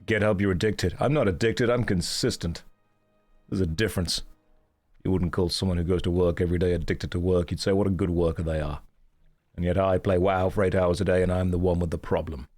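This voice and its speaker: A man's voice: low-pitched, steady tone, fairly quick, darkish tone, soft background music. A man streaming a game, chatting casually in a groggy morning voice, with dry, self-mocking jokes. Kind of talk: casual live-stream chat.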